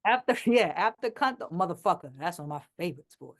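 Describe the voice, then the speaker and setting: A woman's voice: lowish voice, quick pace. A woman rapper from Queens with a New York accent, talking bluntly and with plenty of swearing as an interview guest. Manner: blunt, profane, animated. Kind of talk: casual interview chat.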